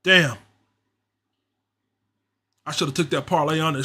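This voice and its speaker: A man's voice: fairly high pitch, fairly even intonation, a little slow, long pauses, bright, forceful tone, breathy edge. A man hosting a fan livestream, giving casual play-by-play and frustrated, slangy reaction that repeats itself. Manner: frustrated, repetitive, slangy, ranting. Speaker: livestream host doing play-by-play.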